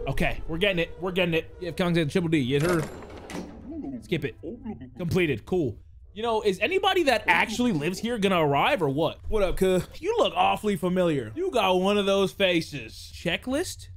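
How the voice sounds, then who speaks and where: A young man giving loud, casual gameplay commentary, swearing, talking to his chat and reading the game text aloud. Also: high-pitched, a little hiss or hum. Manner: loud, excitable, swears a lot, talks to chat. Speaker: gaming YouTuber. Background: faint game music.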